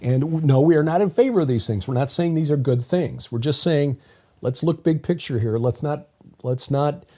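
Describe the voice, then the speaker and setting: A man's voice: on the high side, moderate pace, dark tone. A man co-hosting a talk podcast in a casual, rambling way, often restarting his sentences. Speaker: podcast co-host. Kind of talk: casual conversational commentary.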